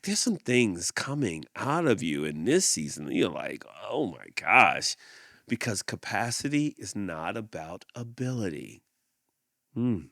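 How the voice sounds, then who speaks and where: A man's voice: mid-range voice, no echo, clean studio sound. A man hosting a podcast, reflecting and then reading a picture book aloud, often repeating words as he goes. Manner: repeats words, animated and expressive. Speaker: podcast host.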